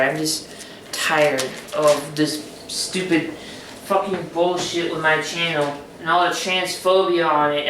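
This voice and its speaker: A young trans man vlogger talks casually to the camera with a fairly high, bright, forceful voice, blunt and swearing freely amid many hesitant fillers. He's recorded off-mic from a distance in an echoey room, with slight background noise and faint music.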